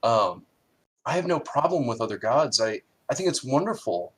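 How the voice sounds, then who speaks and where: Man doing a burly, kindhearted woman, earnest, lively voice, tabletop game. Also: medium pitch, normal speed, breathy edge, low-quality recording. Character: sturdy, strong, warm-hearted woman.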